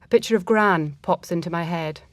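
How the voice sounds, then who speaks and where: A woman reading a first-person story aloud in a reflective, measured manner. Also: fairly low pitch, no echo.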